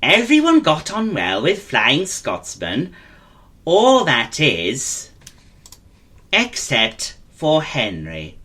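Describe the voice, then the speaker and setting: A man narrating a children's story in a gentle, gossipy way as an impression of a classic storyteller. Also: a little high, wildly swooping pitch, drawn-out words.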